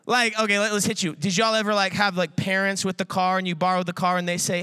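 High bright-voiced young male preacher. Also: level tone, quick pace, few pauses, clear, resonant tone, dry recording. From Iowa, US. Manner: playful, lots of filler words, acts out quoted voices. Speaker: guest preacher. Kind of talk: energetic casual sermon.

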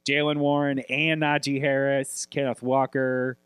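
A man's voice: medium pitch, level tone, measured pace, fairly bright tone, clear, resonant tone, no room sound. A man co-hosting a fantasy football podcast, rattling off player lists in crude, joking casual chat. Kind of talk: profane casual sports chat.

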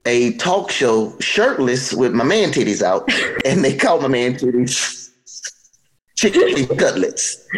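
A man's voice: mid-range voice, poor audio. A young man hosting a comedy podcast, chatting casually and breaking into laughter as he reads a story aloud. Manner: laughs often while reading aloud. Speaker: podcast host.

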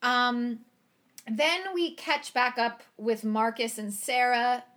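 A woman's voice: on the high side, steady tone, slow, a bit bright. A woman co-hosting a podcast in casual chat, recapping a show with lots of "like" and "um" and easy laughter. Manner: chatty, lots of "like" and "um", laughs easily.

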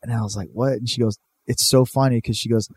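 A man's voice: mid-range voice, steady tone, quick pace, darkish tone. A young man from California, telling a rambling, profane story in casual chat and saying "dude" a lot.

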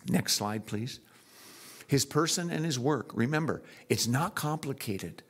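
A man preaching a sermon in church, telling stories in a lively, animated way. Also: medium pitch, unhurried, breathy edge.

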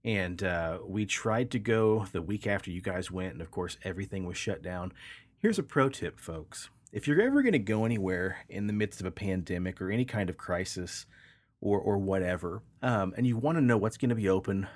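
A man co-hosting a casual podcast, an animated storyteller who laughs easily. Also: deep voice, fairly quick. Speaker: podcast co-host. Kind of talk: casual chat, joke telling.

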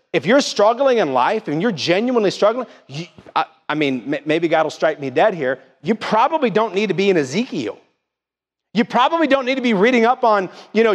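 A middle-aged male pastor preaches with a bright, high voice that swoops through a wide range. He drives his points home with questions to the congregation. His voice rings with the long reverb of a church sanctuary. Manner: emphatic call-and-response preaching, rising and falling. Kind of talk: sermon.

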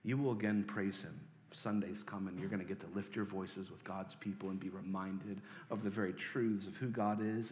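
A man preaching as a pastor, earnest, moving between loud pleading lines and soft hushed ones. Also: fairly low pitch. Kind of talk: sermon. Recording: long hall reverb.

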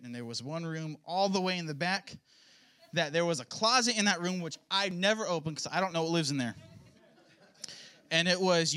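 A man's voice: sits high, bright, forceful tone. A young man, a pastor's son, sharing a personal testimony in a casual sermon style, with joking, self-mocking asides. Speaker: pastor's son giving a church talk.

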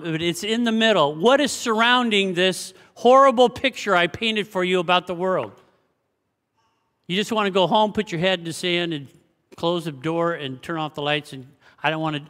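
A male pastor delivers an impassioned sermon in a high, bright voice. He swings from loud, urgent exclamations to hushed, low passages. The sound carries a long reverb from a church sanctuary.

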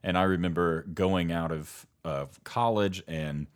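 Young male podcast co-host with a very low voice, rambling and laughing as he spins anecdotes. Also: a little slow. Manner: rambling storyteller, laughs often, trails off mid-sentence. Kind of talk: casual podcast chat.

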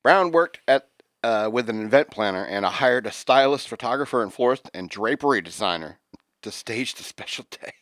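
A man's voice: medium pitch, animated, normal speed, a bit bright, no echo, studio quality. A man co-hosting a casual chat show, reading news stories aloud and joking between them. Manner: jokey, reads stories aloud with asides. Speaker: podcast co-host.

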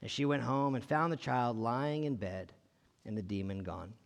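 A man's voice: mid-range voice, moderate pace, gravelly, big-room sound. A man preaching a conversational sermon, reading scripture and asking his listeners questions in a casual way. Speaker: pastor.

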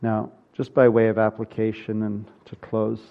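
A man's voice: lowish voice, flat delivery, normal speed, vocal fry, phone-quality sound. A man preaching a sermon from the pulpit, earnest and building to emphatic peaks. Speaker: pastor.

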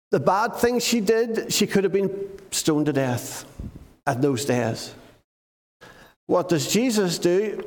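A man with a fairly high voice tells church stories to children with plenty of energy, stopping often to ask his young listeners questions. His voice rings out with the long echo of a large hall. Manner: animated, asks the listeners questions. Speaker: preacher giving a children's talk. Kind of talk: lively storytelling sermon to children.

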